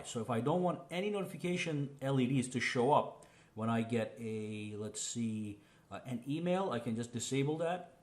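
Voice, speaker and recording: A man giving a casual, step-by-step phone settings tutorial, talking the viewer through each menu with fillers and frequent "okay?" checks. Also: mid-range voice. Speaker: tech reviewer.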